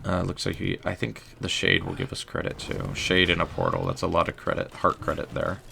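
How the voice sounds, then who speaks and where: A man's voice: low voice, flat delivery, fairly quick, gravelly, sharp tone, a little hiss or hum. A young man casually commenting on his gameplay, chatting with viewers and joking at his own expense. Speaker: livestreamer and writer.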